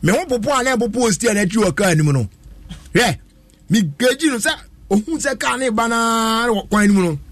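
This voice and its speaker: A man tells an animated story in a casual chat, laughing as he goes. His voice sits high and a little husky. The recording is close and dry, with no room sound. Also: fairly quick, no echo. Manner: lively, laughs often while telling a story.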